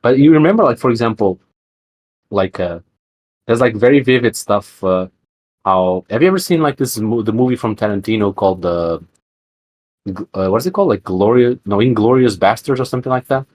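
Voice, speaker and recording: A man's voice: on the low side, brisk, a little mellow. A man co-hosting a podcast in casual chat, rambling with lots of fillers and restarts. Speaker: podcast co-host.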